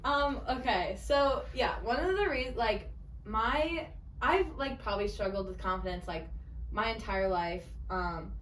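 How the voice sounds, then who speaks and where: A woman's voice: on the high side, lively intonation, a little slow, a bit bright, a little hiss or hum. A young woman in her twenties, a podcast guest, talking casually and rambling with restarts and lots of "like.". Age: 20s. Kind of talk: casual chat. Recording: roomy echo.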